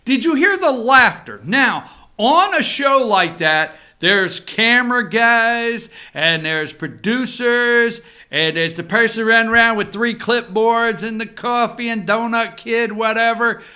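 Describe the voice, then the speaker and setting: A man hosting an opinion show from an office room, giving animated political commentary with sarcastic asides and repeated phrases. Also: very high voice, measured pace.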